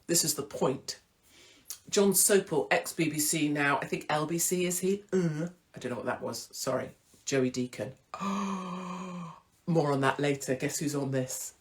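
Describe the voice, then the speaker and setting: Irreverent chatty woman host. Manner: swings into big high exclamations. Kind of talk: casual live-stream chat.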